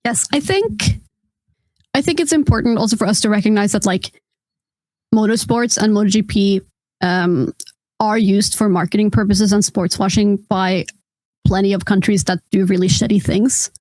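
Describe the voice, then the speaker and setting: Female co-host, casual and chatty, mid-pitched, dry close-mic sound. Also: moderate pace, darkish tone, dry recording. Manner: chatty, full of fillers and laughs. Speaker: podcast co-host. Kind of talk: casual podcast chat.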